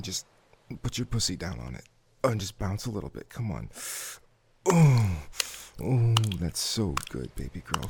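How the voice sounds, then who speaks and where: A man doing intimate audio role-play, murmuring softly with frequent hums and sighs. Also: on the low side, creaky, noisy background.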